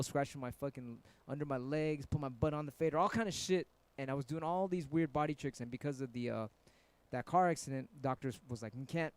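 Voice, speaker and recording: A man's voice: mid-range voice, darkish tone, dry recording. A middle-aged man from San Francisco, chatting casually with viewers on his live stream and telling rambling stories full of swearing. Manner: laid-back, profane, rambling storytelling. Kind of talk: casual livestream chat with viewers.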